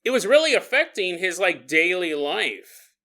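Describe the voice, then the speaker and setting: A man hosting a podcast, telling a creepy story in a casual, animated way, laughing often and jumping into quick kid voices. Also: high voice. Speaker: podcast host.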